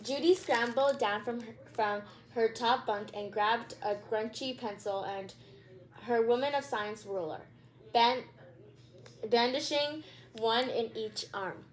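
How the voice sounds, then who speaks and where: A woman's voice: a little high, slow. A woman hosting her channel and reading a children's book aloud, with chatty asides and a few stumbles. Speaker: channel host, read-aloud reader.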